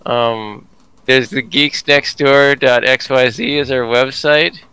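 A man's voice: medium pitch, slow pace, bright, forceful tone, clean tone, low-quality recording. A man co-hosting a casual podcast, rambling and laughing at his own jokes. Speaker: podcast co-host.

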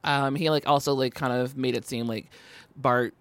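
A young adult co-hosting a podcast, recapping an episode in a relaxed, wry way with many fillers. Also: medium pitch, moderate pace, no echo. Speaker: podcast co-host. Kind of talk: casual recap chat.

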